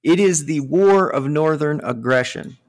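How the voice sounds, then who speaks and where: A man with a northern US accent telling stories in a casual, animated chat, swearing and laughing as he goes. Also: a little high, unhurried. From northern United States.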